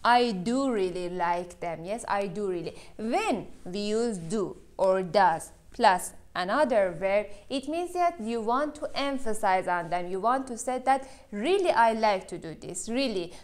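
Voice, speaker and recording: A woman teaching an English grammar lesson on video, speaking non-native English with many "uh" fillers and a checking "yes?" after points. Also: a little high.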